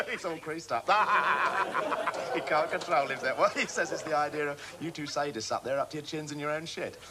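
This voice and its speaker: A manic, mischievous impostor, played by a man clowns and mocks his way through a stage farce. His voice sits at an ordinary middle pitch. The old 1980s television recording carries a heavy noise floor. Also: lightly acted. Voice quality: mocking, clowning, talks to the audience. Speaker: stage actor. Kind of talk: comic stage acting with audience asides. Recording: noisy 1980s TV broadcast recording.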